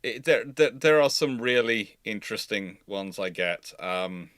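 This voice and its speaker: A man's voice: lowish voice, lively intonation, unhurried, a bit bright, no echo, studio quality. A man hosting a live naval history Q&A stream, telling rambling anecdotes and acting out the quotes, on a video call mic. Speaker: host.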